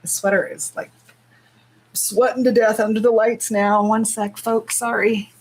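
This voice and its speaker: A woman's voice: on the high side, flat delivery, unhurried, a little mellow, husky, poor audio. A woman with a lilt hosting a casual livestream, chatty and bubbly, gushing and filling her talk with little asides. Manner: chatty and bubbly, many fillers, gushes over tiny things. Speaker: nail art livestream host. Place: indoors under lights.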